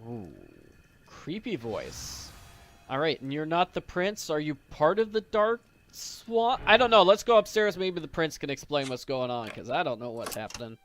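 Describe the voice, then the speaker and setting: A man giving live, joking commentary as he plays a puzzle game, thinking aloud and getting excited. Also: on the high side, normal speed. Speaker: gameplay commentator. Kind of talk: live let's-play commentary. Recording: commentary over game music.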